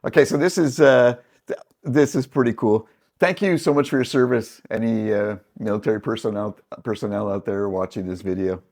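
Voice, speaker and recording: A man's voice: on the low side, a little fast, vocal fry, darkish tone. A man from Canada hosting a casual reaction video, friendly, with self-deprecating asides.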